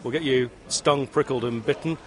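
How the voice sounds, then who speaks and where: A man pitching his food products at a stall, enthusiastic and persuasive. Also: moderate pace.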